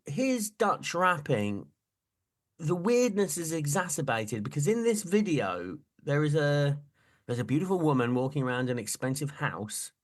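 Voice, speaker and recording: A man's voice: on the high side, a little slow. Chatty middle-aged man, jokey. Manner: animated, jokey, laughing often. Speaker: podcast co-host. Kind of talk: casual chat.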